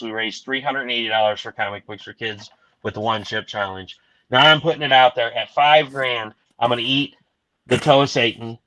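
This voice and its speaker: Earnest, bright-voiced man pitching a cause. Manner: earnest, excited, rambling pitch. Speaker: podcast host pitching a charity comic. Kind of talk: casual chat. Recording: dull lo-fi recording.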